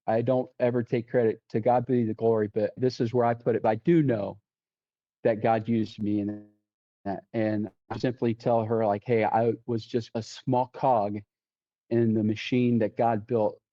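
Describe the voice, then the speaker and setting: A man's voice: fairly low pitch, mellow. A man, a deputy sheriff, telling a personal testimony on a podcast, retelling conversations with quoted lines and often restarting his sentences. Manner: vivid retelling with quoted dialogue and frequent restarts. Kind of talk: testimony storytelling. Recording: dull lo-fi sound.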